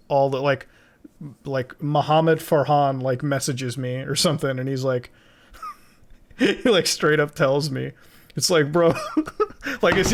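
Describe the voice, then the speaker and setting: A young man streaming from home while editing video, chatting casually and rambling with lots of swearing and laughing asides. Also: on the high side.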